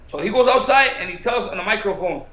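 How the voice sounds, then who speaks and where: A man, a boxing coach and co-host, telling an animated story and slipping between English and Spanish. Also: sits high, fast. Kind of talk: casual storytelling. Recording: echoey room, dull lo-fi sound.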